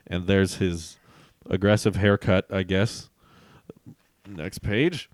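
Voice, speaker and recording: A man's voice: low-pitched, fairly even intonation, slow pace, pauses often, dry recording, clean studio sound. A young man reading his childhood comic aloud as a vlogger, with self-mocking, amused asides.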